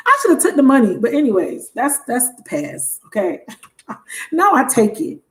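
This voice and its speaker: A woman hosting a live tarot reading stream, telling a story in a casual, animated and blunt way. She laughs often and swears freely. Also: fairly high pitch, normal speed. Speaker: tarot reader livestream host. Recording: roomy echo.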